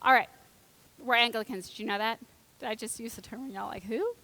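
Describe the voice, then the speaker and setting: Animated woman preaching in a reverberant church. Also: fairly high pitch, fast, slight background noise. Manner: animated, swings from loud and excited to hushed and grave. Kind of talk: conversational sermon. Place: church during a live service.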